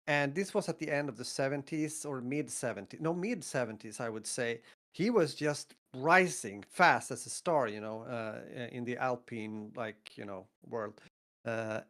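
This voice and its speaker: A man in his fifties from northern Sweden with a Swedish accent, telling stories in a casual podcast chat, acting out quotes and laughing often. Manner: animated, acts out quotes with big pitch jumps, laughs often. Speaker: podcast co-host.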